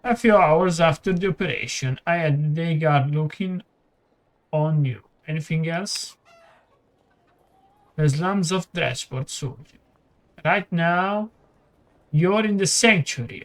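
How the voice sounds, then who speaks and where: Kindly tired priest, read by an Italian man, slow and halting, higher voice. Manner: reads the text aloud haltingly, with stumbles. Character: kindly male priest, weary and gentle.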